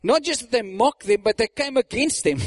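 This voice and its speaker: A man preaching a sermon, animated, acting out mocking voices and laughing often. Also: very high voice, normal speed, no echo.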